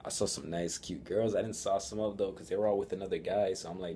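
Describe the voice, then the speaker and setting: Deep-voiced teen guy rambling a story. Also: steady tone, quick pace, warm tone, slight background noise. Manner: rambling, profane, laughing. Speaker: vlogger. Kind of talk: casual storytelling vlog.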